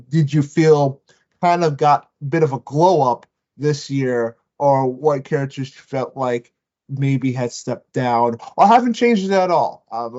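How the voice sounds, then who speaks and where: A man co-hosting a podcast, chatting in an excited, rambling way with many restarts. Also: mid-range voice, dull audio. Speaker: podcast co-host. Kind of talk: casual review chat.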